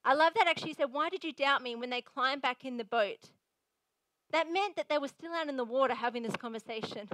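A woman pastor preaches with lively emphasis and a chatty, direct manner. Her voice sits high, and the sound is close and dry with no room around it. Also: a little fast, dry recording, poor audio. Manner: energetic, emphatic, conversational preaching. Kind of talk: sermon.

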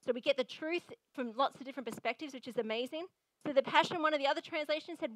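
A woman pastor preaches with lively emphasis and a chatty, direct manner. Her voice sits high, and the sound is close and dry with no room around it. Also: quick pace, dry recording, rough recording. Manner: energetic, emphatic, conversational preaching. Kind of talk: sermon.

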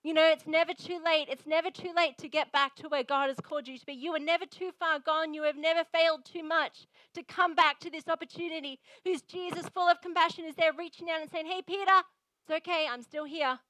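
High-voiced woman preaching with energy. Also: a little fast, hardly any pauses, dry recording, low-quality recording. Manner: energetic, emphatic, conversational preaching. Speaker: pastor. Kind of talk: sermon.

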